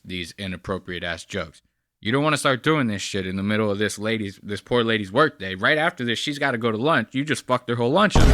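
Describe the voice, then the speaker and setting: A man's voice: fairly low pitch, pushed and bright, no echo. A man hosting a podcast, talking bluntly in casual profane commentary and throwing in slang like bro and buddy. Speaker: podcast host.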